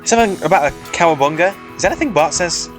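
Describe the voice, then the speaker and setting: Chummy slangy male troll, done by a man; breezy, lifted pitch, faint music under it. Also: animated, quick pace, lightly acted. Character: laid-back chummy male troll on a call. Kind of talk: fan comic read-aloud.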